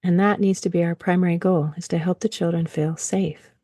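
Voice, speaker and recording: A woman's voice: fairly low pitch, fairly even intonation, fairly quick, mellow, dry recording, studio quality. A woman podcast host interviewing a guest, answering with effusive, affirming remarks. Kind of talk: interview hosting.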